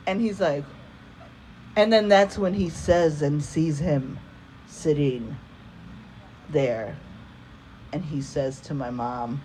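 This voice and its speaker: Woman storyteller, unhurried and profane, live-stage anecdote delivery. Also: on the low side, animated, darkish tone, slight background noise. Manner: casual, profane, laughing asides. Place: live storytelling event before an audience.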